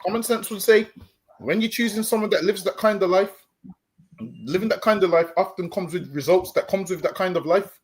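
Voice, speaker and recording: Man, high voice, preachy lecturing tone, repeats words, stream discussion. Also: a little fast. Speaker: street preacher co-host.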